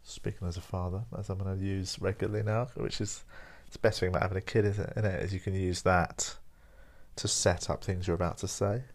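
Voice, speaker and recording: A man's voice: low-pitched, flat delivery, a little fast. A tired young man hosting his own podcast, rambling along in a wry, self-mocking casual chat. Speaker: podcast host.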